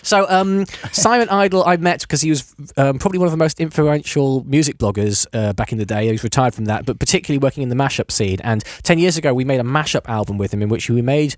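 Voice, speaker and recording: A man's voice: mid-range voice, fast talker, few pauses, dry recording. A man hosting a radio music show in a studio, chatting casually and jokily, laughing often and restarting his sentences with plenty of fillers.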